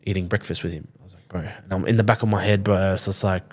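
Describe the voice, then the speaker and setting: A fast-talking man in his twenties from Sydney, Australia, speaks in a low voice with fairly even intonation while guesting on a podcast. He tells a story loosely, swears often, and acts out quoted dialogue.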